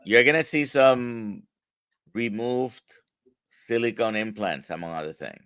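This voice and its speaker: A man with a Spanish accent, a doctor co-hosting a live show, speaking in an animated way. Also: mid-range voice, measured pace, clean tone, no echo. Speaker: doctor and co-host.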